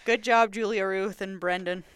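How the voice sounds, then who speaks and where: A woman co-hosting a podcast, recapping a reality show in casual chat, opinionated and quick to laugh. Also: mid-range voice, fairly even intonation, fairly bright tone, clean tone, no room sound, studio quality. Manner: chatty, laughs often, opinionated. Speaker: podcast co-host.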